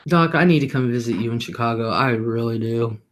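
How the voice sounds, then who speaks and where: A man's voice: medium pitch, a little fast, a bit bright. A middle-aged man hosting a livestream, talking casually and rambling about his day, often laughing and swearing offhandedly. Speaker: livestream host.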